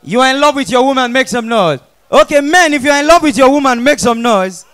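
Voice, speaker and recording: High-voiced Nigerian stand-up comic. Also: male voice, expressive, fast. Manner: playful, loud, mixing pidgin with English. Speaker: stand-up comedian. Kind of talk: stand-up comedy set. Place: comedy stage before an audience.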